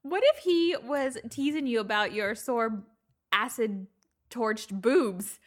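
A woman's voice: fairly high pitch, takes it slowly. A woman co-hosting a podcast in casual chat, teasing her friend, giggling and acting out dramatic reactions. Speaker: podcast co-host.

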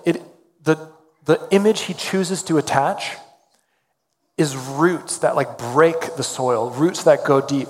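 A man preaching a sermon as pastor, earnest and conversational, with casual fillers between points. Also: on the high side. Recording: long hall reverb.

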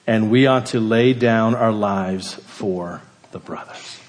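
A man preaching a sermon, building emphasis on key words and then dropping to a quiet hush. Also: on the low side, slow, few pauses, in a large hall. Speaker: pastor.

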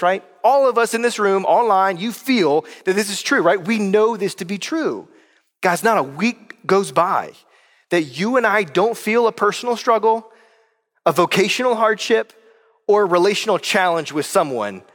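Male pastor, high voice, casual conversational sermon, church sanctuary with long reverb. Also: a bit bright. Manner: conversational preaching, addressing the congregation as guys.

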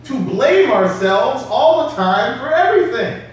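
A man preaching a sermon in a lively, conversational way with street slang. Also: very high voice, measured pace. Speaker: pastor. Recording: echoey hall from far off.

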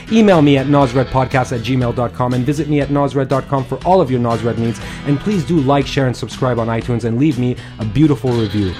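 A man hosting a casual podcast chat, agreeable and quick to chime in with short yeahs. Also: mid-range voice, darkish tone. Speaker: podcast host.

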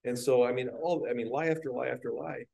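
A man, a guest business owner, frankly telling his own story on a podcast panel at a live event, getting animated when he acts out scenes. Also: medium pitch, fast talker, gravelly, poor audio. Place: live industry training event.

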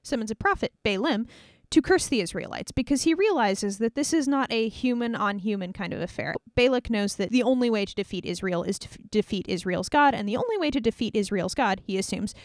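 A woman's voice: on the high side, lively intonation, brisk, no echo, studio quality. A woman retelling Bible stories in a casual, playful way, with wry asides. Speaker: Bible teacher.

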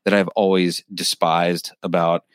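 A man's voice: low-pitched, level tone, measured pace, smooth, dry recording, studio quality. An Italian-American man in casual film chat, wry and laughing often.

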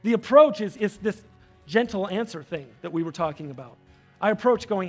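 A man preaching a sermon as pastor, animated, rising loud when fired up and dropping soft for prayers. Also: normal speed, soft background music. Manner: drops soft and low for prayers.

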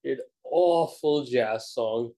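A man's voice: medium pitch, slow pace, mellow, rough recording. A man co-hosting a casual chat over a video call, blunt and swearing as he rambles. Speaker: podcast co-host.

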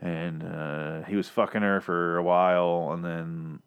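A man with a lowish voice talks through a TV episode in a loose, rambling way. He swears freely and restarts his sentences often, in a relaxed conversational flow. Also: measured pace, clean tone, lo-fi sound. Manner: rambling, profane, many restarts. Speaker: podcast host reviewing a TV episode. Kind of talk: casual review chat.

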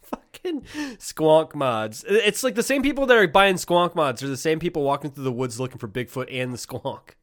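A man's voice: fairly high pitch, animated, normal speed, fairly bright tone. A man co-hosting a comedy podcast, chatting casually, incredulous and profane, laughing often. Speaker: podcast co-host.

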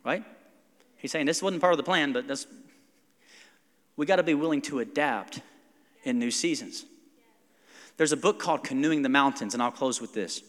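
A man in his forties preaches in a casual, animated way and slips into little acted-out quotes. His mid-pitched voice carries into a church hall with a long reverb tail. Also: moderate pace, pauses often. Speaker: pastor. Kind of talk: sermon.

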